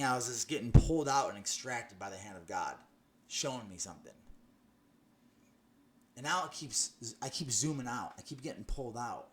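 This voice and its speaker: A man's voice: medium pitch, expressive, fairly quick, a bit bright. A young man giving a personal faith testimony, telling his story earnestly with many restarts and "you know"s. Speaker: testimony speaker.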